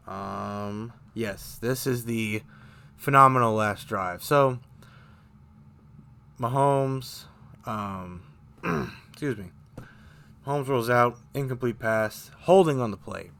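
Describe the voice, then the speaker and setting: A man with a slightly low voice talks through a football game play by play, casual and rambling, often stopping to correct himself. He gets worked up and frustrated over the bad calls. A faint hiss sits under the recording. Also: creaky, bright, forceful tone. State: choking up, briefly coughing. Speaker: fan show host. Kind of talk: casual sports recap.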